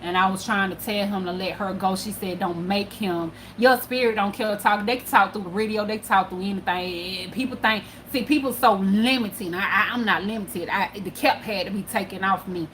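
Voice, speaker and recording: Woman, casual vlog storyteller, profane and animated, faint background noise. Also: mid-range voice, fairly quick, hardly any pauses. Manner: animated and profane, swinging between hushed and loud. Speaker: spiritual channel host.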